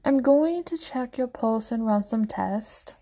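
A woman voicing a calm, matter-of-fact male doctor. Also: fairly high pitch, slow, heavily acted. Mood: clinical.

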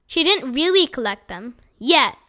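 A woman with a high, bright voice reads a children's chapter book aloud. Her telling is lively and expressive, shaping each sentence for young listeners. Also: a little slow. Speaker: audiobook reader.

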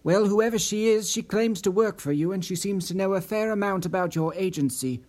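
A man's voice: high voice, brisk, darkish tone, voice pushed up, close to an everyday voice. A man voicing an eager, earnest young man who speaks with a raised, hopeful voice. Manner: eager, earnest, slightly breathless. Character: eager, anxious young man, associate of a missing man.

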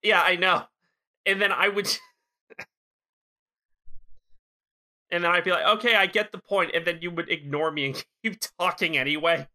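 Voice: medium pitch, fairly even intonation, unhurried, long pauses, pushed and bright. A podcast co-host in casual chat, talkative, teasing and swearing freely.

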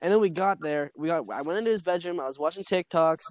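A man's voice: a little high, quick pace, a little mellow. A young man hosting a casual podcast, telling a story in a loose, slangy, rambling way and laughing along. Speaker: podcast host. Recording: noisy home podcast recording.

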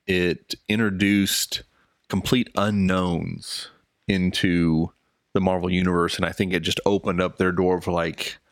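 A man co-hosting a casual film podcast, talking in a halting way with many restarts. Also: deep voice, no echo, studio quality. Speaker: podcast co-host.

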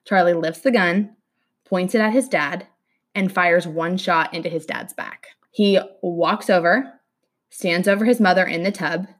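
Young female host, low-ish voice, animated casual storyteller who acts out quotes. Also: unhurried. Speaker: podcast host telling a true crime story.

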